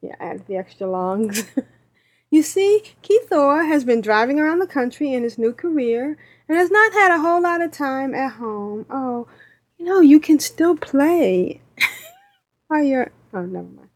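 A woman's voice: high voice, very animated, measured pace. A woman co-hosting a podcast, reading listener email aloud in a playful, giggly way. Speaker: podcast co-host.

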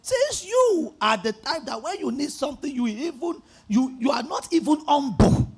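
A male pastor preaching a sermon, telling stories animatedly and rising to emphatic shouts. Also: very high-pitched, moderate pace. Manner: animated storytelling, acting out phone conversations.

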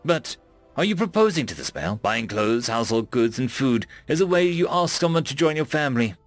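A man's voice: medium pitch, very animated, a little fast, dry recording, faint music behind, lightly acted. A man voicing a friendly, curious female alien roommate who teases and asks questions in a storybook reading.

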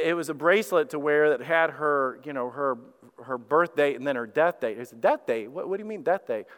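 A man's voice: a little high, a bit bright, clear, resonant tone. A man preaching a sermon as pastor, talking candidly and conversationally, often restarting his sentences. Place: church sanctuary. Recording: church hall reverb.

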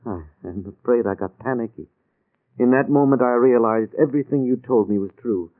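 A man's voice: medium pitch, fairly quick, lightly acted. A man playing a shaken, apologetic husband. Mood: anxious. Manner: nervous, apologetic. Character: shaken middle-aged husband in hospital. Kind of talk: 1940s radio acting. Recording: tinny old radio recording.

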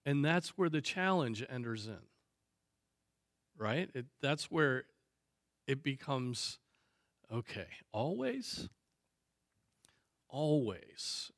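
A man explaining a Bible verse in an unhurried, deliberate way, pausing often with small fillers as he thinks. His voice sits in an ordinary middle pitch and sounds close and dry, with no room around it. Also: a bit bright, dry recording. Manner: slow, measured, thinking aloud with fillers. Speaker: Bible teacher. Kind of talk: teaching discussion on Scripture.

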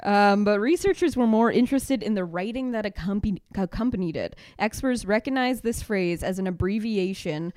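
A woman reads a news story aloud on a casual comedy podcast, breaking off for laughs and asides. Her voice is smooth and clear. The sound is dry and close, with no room around it. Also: medium pitch, fairly quick, few pauses, a little mellow, no room sound. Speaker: podcast co-host reading news.

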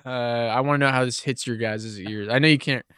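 A man co-hosting a podcast in relaxed, joking casual chat. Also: medium pitch, brisk, smooth, no echo, clean studio sound. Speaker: podcast co-host.

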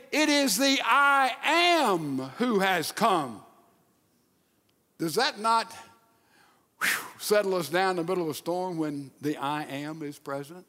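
A man preaching a sermon with emphatic delivery and dramatic pauses. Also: high voice, a bit bright, long reverb tail. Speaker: pastor.

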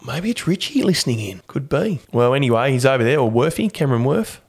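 A man's voice: medium pitch, very animated, fast, slightly rough. Chatty Australian man hosting a podcast. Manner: chatty, laughs often, loose with restarts. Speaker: podcast host. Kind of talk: casual chat.

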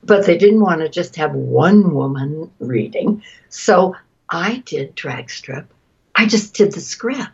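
A woman with a husky, somewhat low voice recounts her career in a relaxed interview. She is animated and chatty, laughs easily and drifts off mid-sentence. The recording sounds dull and lo-fi. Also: slow. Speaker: voice actress guest. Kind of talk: casual interview storytelling.

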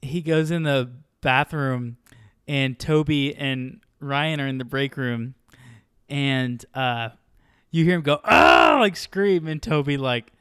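Smooth-voiced man recapping a sitcom. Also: medium pitch, takes it slowly, no room sound, clean studio sound. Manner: animated retelling of sitcom scenes, acting out lines. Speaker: podcast co-host. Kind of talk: casual chat.

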